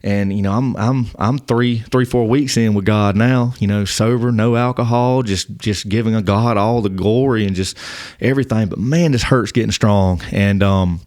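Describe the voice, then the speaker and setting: A man speaks in a lowish, dry voice and gives his testimony as a podcast guest. He is earnest and halting, and he often restarts and repeats his words. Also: darkish tone, no echo. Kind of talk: personal testimony in casual conversation.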